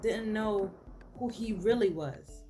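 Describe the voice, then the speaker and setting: A woman reads a story game aloud, slipping in sassy comments about the characters. She speaks slowly and deliberately at a middle pitch. Soft music plays faintly behind her. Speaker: game streamer.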